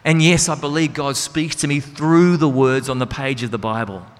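A man's voice: medium pitch, fairly even intonation, normal speed. A man preaching a sermon in an earnest, conversational way, with rhetorical questions to his listeners. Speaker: Christian speaker and singer. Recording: reverberant hall with music behind.

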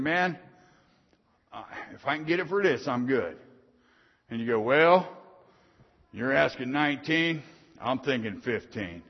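A middle-aged man preaching a sermon in a folksy storytelling way, swinging from soft asides to loud punchy lines. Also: mid-range voice, expressive, measured pace, long pauses, slightly rough. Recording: dull sound in a long-reverb hall.

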